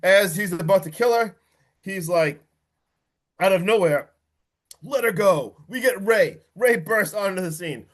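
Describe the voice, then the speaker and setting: A man with a slightly high voice talks through a horror film's plot on a casual podcast. He gets worked up, swears freely and slips into quick impressions of the characters. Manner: excitable, swears, acts out quotes from the film. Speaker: podcast host. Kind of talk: casual film recap.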